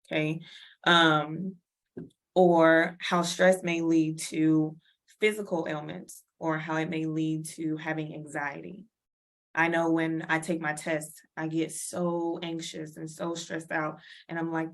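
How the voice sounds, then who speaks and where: A woman's voice: low voice, little pitch movement, slow, a bit bright. A woman presenting a wellness workshop in a chatty, casual way, laughing often and acting out little everyday scenes. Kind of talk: casual lecture.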